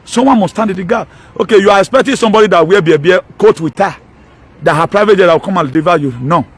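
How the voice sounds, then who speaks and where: A man's voice: sits high, quick pace, husky. A man with a Nigerian accent preaching an impassioned sermon, driving points home with rhetorical questions and mixing in Pidgin. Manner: emphatic, mixes Pidgin and local words, rhetorical questions. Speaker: pastor.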